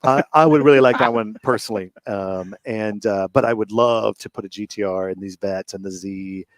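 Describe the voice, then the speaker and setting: A man hosting a radio show, telling stories in casual chat, animated and laughing often. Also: lowish voice, moderate pace, no room sound. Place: radio studio.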